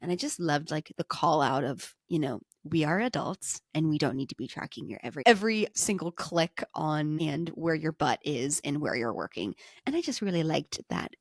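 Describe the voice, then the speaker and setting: A woman's voice: low voice, expressive, moderate pace, few pauses, dry recording, clean studio sound. A young woman co-hosting a podcast, chatting casually and enthusiastically with lots of fillers. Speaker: podcast co-host. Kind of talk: casual chat.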